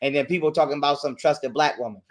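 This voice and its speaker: A man's voice: fairly high pitch, steady tone, quick pace, a little hiss or hum. A man ranting crudely and emphatically as a guest on a livestream. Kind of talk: profane livestream rant.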